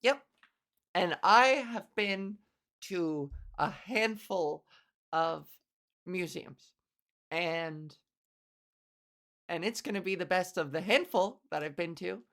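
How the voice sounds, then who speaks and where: A woman's voice: fairly low pitch, takes it slowly, long pauses, fairly bright tone. A woman hosting a solo podcast, telling rambling, wry stories with casual swearing. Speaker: podcast host. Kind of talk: late-night solo podcast monologue.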